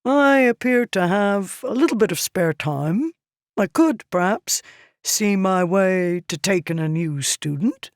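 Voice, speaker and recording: A woman's voice: mid-range voice, expressive, a little slow, dry recording, studio quality, pitched above the performer's own voice. A woman voicing a grumbling, proud male noble scholar in an audiobook, clipping 'the' to 't''. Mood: grudging. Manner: clips 'the' to 't'', a rustic way of speaking. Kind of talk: audiobook character voice.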